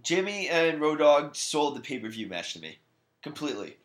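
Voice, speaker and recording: Easygoing podcast co-host with lots of ums. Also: male voice, a little high, very animated, moderate pace. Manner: easygoing, many fillers, laughs at jokes. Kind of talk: casual chat about wrestling.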